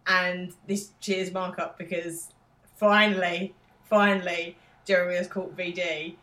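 A woman's voice: lowish voice, flat delivery, a little slow, fairly bright tone, low-quality recording. A woman co-hosting a casual podcast, telling the story with a wry, giggly manner. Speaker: podcast co-host. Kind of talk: casual chat recapping a TV episode.

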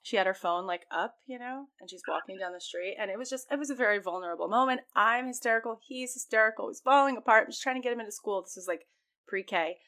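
A woman co-host telling animated stories in casual conversation. Her voice is fairly high, bright and forward. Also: fast talker. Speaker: podcast co-host. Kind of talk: casual chat.

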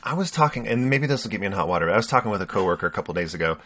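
A man's voice: lowish voice, animated, racing, crowd noise. A man co-hosting a podcast, introducing the episode in a casual, jokey and rambling way. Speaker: podcast co-host. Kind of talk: casual chat.

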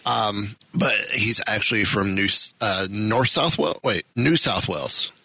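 A man's voice: fairly low pitch, unhurried, creaky, bright, forceful tone, breathy edge, no echo, low-quality recording. A man hosting a casual podcast, rambling and self-deprecating, losing his train of thought. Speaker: podcast host. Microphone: studio podcast mic.

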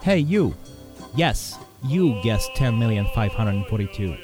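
A man's voice: fairly low pitch, big pitch swings, measured pace, over music. A man reading a scripted station promo in a snarky, bossy tone.

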